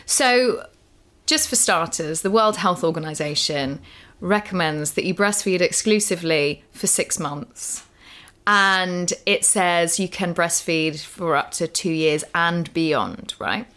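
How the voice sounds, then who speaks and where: A woman's voice: on the low side, takes it slowly, a bit bright. A woman talking earnestly as a guest co-host in a casual podcast chat, emphatic and full of "literally" and "you know".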